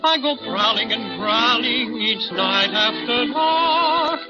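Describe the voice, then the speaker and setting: A woman's voice: a little high, expressive, slow pace, over loud music. A woman voicing a tiny, playful, mock-ferocious male teddy bear with an Irish accent in a 1930s radio drama, speaking in jaunty rhymes and polite old-fashioned phrases. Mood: sing-song. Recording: dull old radio transcription.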